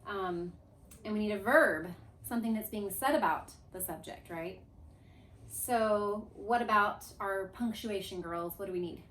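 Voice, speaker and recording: A woman's voice: medium pitch, unhurried. Woman teacher, mid-range voice, coaxing and chant-leading, echoey classroom. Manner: lively, coaxing, leads chants. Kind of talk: classroom grammar review. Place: classroom with a board. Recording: echoey room.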